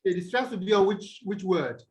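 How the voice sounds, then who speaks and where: A man tutoring students over a video call, explaining slowly and quizzing them as he goes. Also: high voice, animated. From Nigeria. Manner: slow, deliberate, quizzes students. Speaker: English tutor. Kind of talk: online tutorial lesson.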